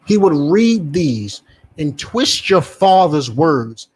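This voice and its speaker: A man's voice: a little high, very animated, slow pace. A man with a New Jersey accent preaching a fiery street sermon, swearing and acting out the voices he quotes.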